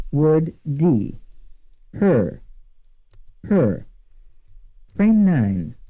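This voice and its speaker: A man giving scripted instructional narration for a language course, measured and deliberate, repeating each example word twice. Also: mid-range voice. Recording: tinny lo-fi archival course audio.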